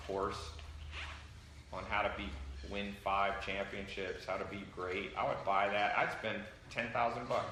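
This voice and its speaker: A man hosts a livestream, talking brashly to his viewers and slipping into the voices of the people he quotes. His voice is bright and forceful and sits a little low. The room around him sounds echoey, with a faint background hiss. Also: measured pace. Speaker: livestream host. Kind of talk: motivational talk to a live audience.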